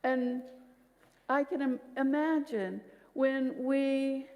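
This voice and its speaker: A woman minister delivers a sermon, weaving personal stories with asides to her congregation. Her voice sits a little high. The sound carries a long reverb from a large sanctuary. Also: fairly even intonation, slow pace. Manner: warm storytelling with audience asides. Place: church sanctuary.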